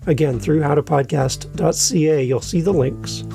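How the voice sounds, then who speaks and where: A man hosting a solo podcast, giving energetic, playful advice and sometimes mimicking listeners in silly voices. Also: fairly high pitch, normal speed, creaky, over music. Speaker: podcast host.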